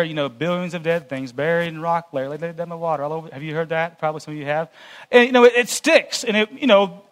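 A man's voice: high-pitched, fairly bright tone. A man speaking earnestly to a church meeting, giving a cautionary sermon-style lecture in a conversational way.

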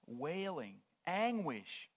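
A man preaching a sermon, laying out word meanings in short, measured phrases and swinging from hushed near-whispers to loud proclamations. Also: on the high side, sing-song.

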